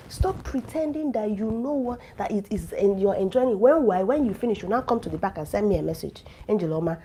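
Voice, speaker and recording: Her voice is a little high and mellow as she dishes out frank relationship advice to camera, teasing and lecturing her listeners while coughing through a flu. There's slight background noise, and the recording is rough.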